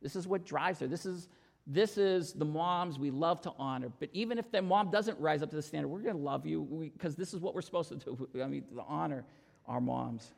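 Male pastor, sermon; earnest storyteller, somewhat high-pitched and gravelly. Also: fairly quick. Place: church sanctuary. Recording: long reverb in church hall.

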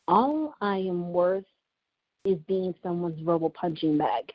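Taking her time, a woman with a fairly low, expressive voice shares a painful personal story in an earnest, emotional monologue. She is a podcast host and writer who repeats herself for emphasis, and the recording sounds dull and lo-fi.

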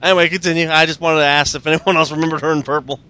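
A man's voice: a little high, fairly even intonation, very fast, sharp tone, a little hiss or hum. A man co-hosting a podcast in crude, exclamatory casual banter. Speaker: podcast co-host.

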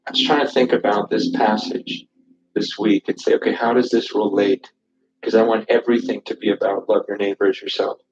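A man's voice: fairly low pitch, steady tone, fairly quick. A man preaching a sermon, urgent and impassioned, often repeating words as he restarts a thought. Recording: echoey, distant, dull church recording.

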